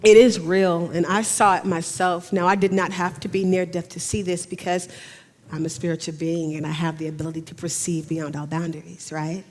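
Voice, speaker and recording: A woman giving an emotional talk on camera, speaking in a halting way and often restarting her sentences. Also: fairly low pitch, flat delivery. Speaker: speaker at a talk on remote viewing. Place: in front of a camera.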